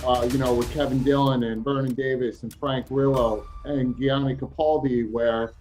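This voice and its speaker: An enthusiastic man with a Brooklyn accent interviews guests over a video call, his voice pitched in an everyday middle range. Faint music plays underneath. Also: steady tone, moderate pace, a little mellow. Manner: upbeat, enthusiastic, calls guests brother. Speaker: interview host.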